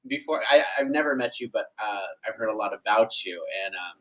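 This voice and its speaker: A man hosting a casual podcast interview, asking questions hesitantly with many stumbles and quick laughs. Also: on the low side, expressive, a bit bright, rough recording. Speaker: podcast host.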